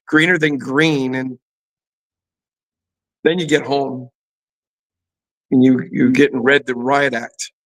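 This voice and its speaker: His voice is on the high side and a bit bright, heard through a low-quality recording. He's a middle-aged ex-pro football player turned fitness trainer, appearing as an interview guest and candidly telling a personal story with lots of "you know."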